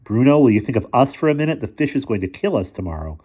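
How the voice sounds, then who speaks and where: A man's voice: medium pitch, sing-song, fast talker, dark tone, breathy edge, highs cut off, pitched above the performer's own voice. A man reading aloud, voicing an exasperated, gloomy teenage schoolboy.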